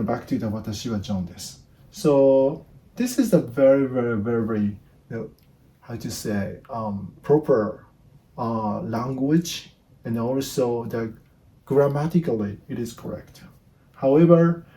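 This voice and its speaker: A Japanese man in his fifties with a Japanese accent, teaching basic phrases in casual, halting English, often repeating words and restarting. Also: medium pitch, mellow. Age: 50s. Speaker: language teacher. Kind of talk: casual spoken lesson.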